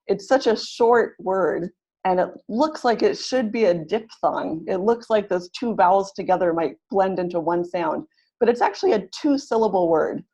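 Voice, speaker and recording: A woman's voice: medium pitch, darkish tone. Woman teaching pronunciation on a webinar. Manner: explains slowly, claps out syllables and models words.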